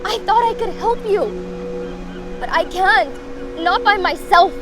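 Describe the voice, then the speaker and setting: A woman's voice: very high voice, measured pace, over music. An actress playing a young woman in a film drama, ending things with her angry boyfriend in a cutting, weary, pleading way. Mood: bitter, resigned. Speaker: film character in a played clip.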